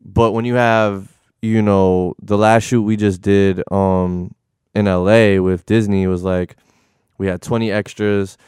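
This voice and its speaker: Casual storyteller: man, low voice, very clear, slangy and laid-back. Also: flat delivery, measured pace, a little mellow, dry recording, clean studio sound. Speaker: video director.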